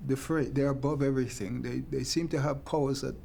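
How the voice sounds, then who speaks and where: A man speaking in a measured, thoughtful way with some hesitations, in a documentary interview. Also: mid-range voice, steady tone, creaky, dark tone.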